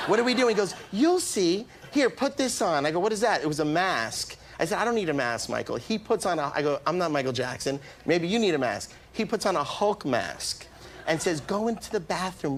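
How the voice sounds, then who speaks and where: A man telling a comic anecdote as a guest, laughing often, acting out the voices in his story and getting more excited as he goes. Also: fairly high pitch, a little hiss or hum. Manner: acts out quoted voices. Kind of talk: animated storytelling.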